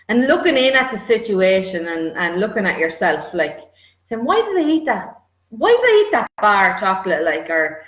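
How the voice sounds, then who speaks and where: A woman's voice: medium pitch, fairly bright tone. A woman giving a self-help talk in a conversational way, with many filler "like"s. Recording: roomy echoey room.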